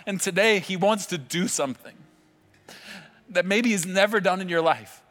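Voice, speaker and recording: Guy preaching in a church hall, high voice, dramatic storytelling, long reverb, faint music underneath. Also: a bit bright. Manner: vivid, impassioned storytelling with dramatic pauses. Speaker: pastor. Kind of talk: sermon.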